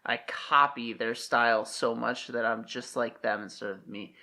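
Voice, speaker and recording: Gravelly, bright-voiced young man. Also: mid-range voice, fairly even intonation, normal speed. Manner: sarcastic, jumps in with jokes. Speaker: podcast co-host. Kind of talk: comedic reading and banter.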